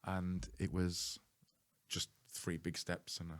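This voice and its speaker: A man's voice: deep voice, flat delivery, slow pace. A man hosting a podcast, telling a story in a chatty way, laughing and swearing casually. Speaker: podcast host.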